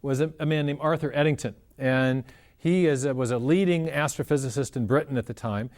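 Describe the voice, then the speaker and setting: A man's voice: mid-range voice, a little fast, darkish tone. A man in an interview, explaining ideas step by step in an earnest, conversational way. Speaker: interview guest explaining science.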